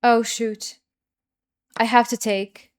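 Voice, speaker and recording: A woman's voice: fairly high pitch, takes it slowly, clear, resonant tone. A young woman streaming chess, thinking aloud anxiously, then reviewing the game in a chatty way. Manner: anxious, repeats herself when stressed; bursts into loud excited cries.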